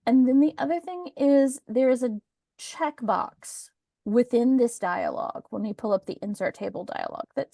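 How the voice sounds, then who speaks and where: A woman's voice: mid-range voice, darkish tone, dry recording. Woman teaching on a video call, practical and chatty, little dry asides, dead dry sound. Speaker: webinar presenter. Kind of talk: teaching webinar on document accessibility.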